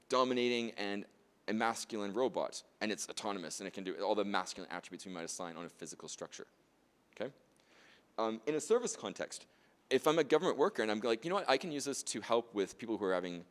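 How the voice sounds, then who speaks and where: A man's voice: on the low side, big-room sound. A man presenting a demonstration workshop at a conference, chatty and jokey, often checking in with "right?" and "okay?". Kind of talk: lively conference demonstration talk.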